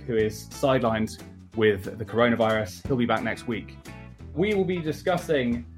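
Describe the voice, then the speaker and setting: A man hosting a podcast, introducing a guest and asking long, measured questions. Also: medium pitch. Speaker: podcast host. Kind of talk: podcast interview.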